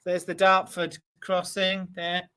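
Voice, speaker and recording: A man's voice: sits high, completely flat delivery, slow, very noisy. A man co-hosting a live podcast from a hotel room over a video call, joking and bantering. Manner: jokey, playful banter. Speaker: podcast co-host. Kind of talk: casual live show chat.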